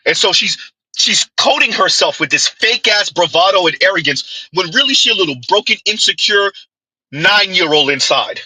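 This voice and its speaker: A man's voice: high voice, expressive, moderate pace, bright, forceful tone, husky, no room sound, low-quality recording. A man giving a mocking opinion commentary, full of rhetorical asides and scornful dismissals. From United States.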